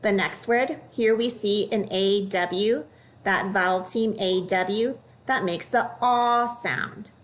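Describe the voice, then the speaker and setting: A woman teaching a phonics lesson for children, modeling each word slowly and clearly. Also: mid-range voice.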